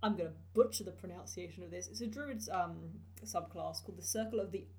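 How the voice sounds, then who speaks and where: Lower-voiced woman in casual chat. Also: fast, dark tone. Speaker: podcast co-host. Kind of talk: casual chat about tabletop game content.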